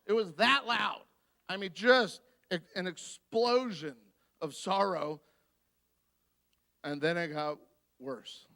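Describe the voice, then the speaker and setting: A man giving a guest sermon, telling a personal story in an animated way and acting out the voices of the people in it. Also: sits high, slow, gravelly, pauses often. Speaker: guest speaker. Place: church.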